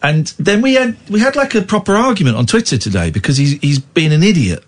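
A man's voice: on the high side, very animated, fast. A man hosting late-night talk radio, chatting with a caller and ranting indignantly about a spat online. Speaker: radio host.

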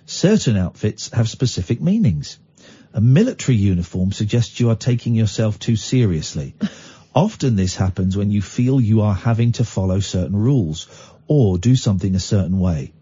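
A man hosting a radio show, teasing his co-host and mocking what he reads out. His voice swings widely in pitch and has a husky edge. The sound is dull and lo-fi. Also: moderate pace. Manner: sarcastic, teasing, animated storytelling. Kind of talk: casual radio chat.

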